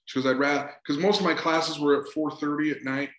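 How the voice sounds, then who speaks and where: A man's voice: on the high side, brisk. A man in his forties, a sports psychologist as an interview guest, telling a personal story in a conversational way and acting out both sides of an old dialogue. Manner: animated, acts out both sides of a remembered dialogue. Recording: roomy echo.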